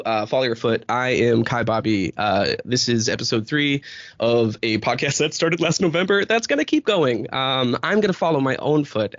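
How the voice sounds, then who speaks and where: A man's voice: medium pitch, dry recording, highs cut off. A man in his thirties hosting a podcast, talking in a rambling, candid way with lots of fillers and casual swearing. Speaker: podcast host. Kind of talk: casual chat.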